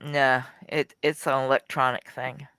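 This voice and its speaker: A woman's voice: very deep voice, level tone, a little slow, fairly bright tone, clear, resonant tone, no echo. A woman chatting on a video call, teasing and laughing often as she shows her digital art. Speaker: digital artist sharing her work. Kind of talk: casual chat on a call.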